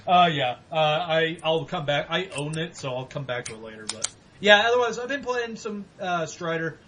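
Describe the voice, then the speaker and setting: A man co-hosting a casual gaming podcast, talking animatedly, swearing and mock-yelling at games. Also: fairly high pitch, lively intonation, normal speed, slight background noise. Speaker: podcast co-host.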